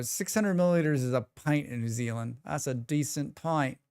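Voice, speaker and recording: A man's voice: a little high, normal speed, few pauses, darkish tone, clean tone, no room sound, clean studio sound. A man streaming live, chatting casually and joking with his chat. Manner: rambling, joking, reacts to chat.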